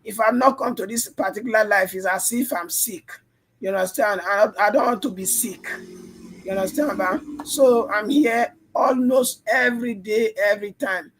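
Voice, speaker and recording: With a little hiss or hum in the background, a high-pitched man with a fairly bright tone speaks at a moderate pace. He hosts a trading livestream, analyzing charts live and coaching in a tired, strained voice, repeating phrases and constantly asking "you understand?"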